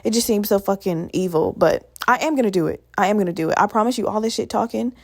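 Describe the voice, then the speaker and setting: A woman's voice: medium pitch, quick pace, a little mellow, dry recording, clean studio sound. A young woman in her twenties from Virginia, hosting a podcast alone in a rambling, profane, chatty way. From Virginia, USA. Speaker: podcast host. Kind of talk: casual solo podcast rambling.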